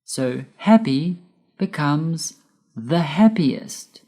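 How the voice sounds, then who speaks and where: A woman giving a scripted English grammar lesson, careful and measured, spelling out letters one by one. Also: deep voice, expressive, mellow. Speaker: English teacher.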